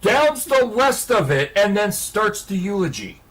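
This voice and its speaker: A man's voice: high voice, a little slow. A man telling a long story on a casual hangout stream, laughing and swearing as he goes. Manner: profane, laughing, animated storyteller.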